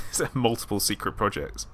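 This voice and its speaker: A man's voice: fairly low pitch, lively intonation, moderate pace, a bit bright, slight background noise. A British man hosting a casual gaming stream, chatty with frequent ums and laughs. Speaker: streamer host.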